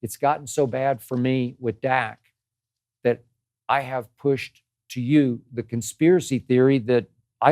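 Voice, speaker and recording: An older man sounds off in a sports commentary monologue, hammering his points and repeating phrases with exasperated emphasis. His voice sits at an ordinary pitch, recorded close and dry with no room sound. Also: fairly even intonation, unhurried, a little mellow, no room sound. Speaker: host.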